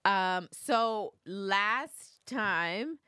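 A woman in her thirties co-hosting a podcast, telling stories in a lively, slangy way. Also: mid-range voice, extremely slow, smooth, dry recording, studio quality. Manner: animated storytelling, slangy. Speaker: podcast co-host. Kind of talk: casual chat.

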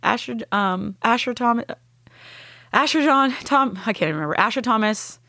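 A woman's voice: on the high side, lively intonation, normal speed, bright, forceful tone, no echo, clean studio sound. A young adult woman telling an emotional personal story in earnest, heartfelt talk, acting out the voices of the people she quotes. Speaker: guest sharing a personal story.

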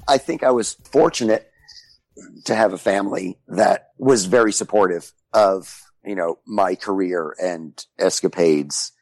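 A man's voice: low voice, a little slow, a little mellow, soft background music, low-quality recording. A man guest telling casual anecdotes in a rambling way, full of "you know" fillers. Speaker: guest, former TV host.

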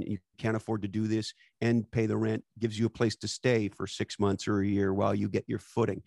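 Gravelly low-voiced man, emphatic and blunt. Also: a little mellow, dry recording, clean studio sound. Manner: emphatic, profane, uses catchphrases. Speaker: podcast host. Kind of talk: podcast conversation.

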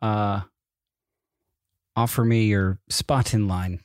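A man's voice: fairly low pitch, fairly even intonation, takes it slowly, no echo, clean studio sound. A man co-hosting a podcast from bed at home, rambling through exasperated rhetorical questions. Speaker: podcast co-host. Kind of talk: casual chat.

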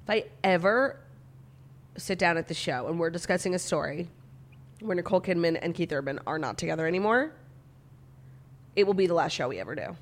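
A woman's voice: fairly low pitch, lively intonation, brisk, pauses often. A young woman co-hosting a podcast in casual chat, wry and given to dramatic declarations. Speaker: podcast co-host.

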